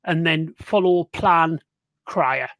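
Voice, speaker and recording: A man's voice: a little high, slow pace, fairly bright tone, no room sound. A man playing a tabletop game, boisterous and joking as he schemes. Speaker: player.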